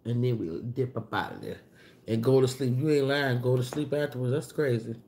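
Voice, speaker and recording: Hosting a casual livestream, this woman talks fairly quickly and loosely, using slang as she reads out and responds to viewer comments. She's animated, and her voice leaps up in pitch whenever she greets someone.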